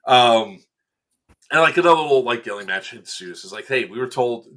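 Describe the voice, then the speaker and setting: A man's voice: mid-range voice, moderate pace. A man chatting casually on a podcast, animatedly recounting a game and acting out what people said. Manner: animated storyteller, acts out quotes with laughs. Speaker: event staff member recounting a game.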